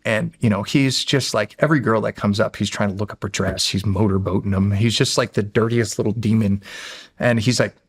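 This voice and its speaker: Recorded at studio quality with no room sound, a man with a low, steady, slightly rough voice speaks a little fast. He is a middle-aged American and ex-Navy SEAL appearing on a podcast, telling stories casually and animatedly while voicing the characters.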